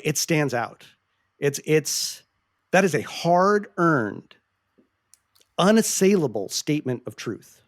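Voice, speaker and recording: In clean studio sound with no room echo, a medium-pitched male podcast host holds a casual, earnest conversation. Passionate and given to frequent swearing, he often starts sentences over while searching for the right words.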